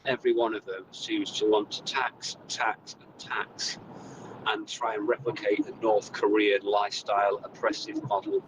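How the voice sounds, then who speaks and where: Male caller, low, indignant, traffic noise on the line. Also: lively intonation, moderate pace, few pauses. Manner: blunt, indignant. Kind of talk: radio phone-in.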